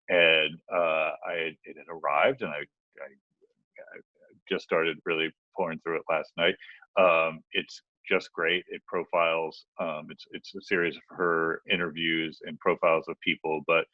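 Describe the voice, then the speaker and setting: Low-voiced and heard on a dry, lo-fi recording, a man co-hosts a podcast. His talk is loose and meandering, packed with fillers and false starts.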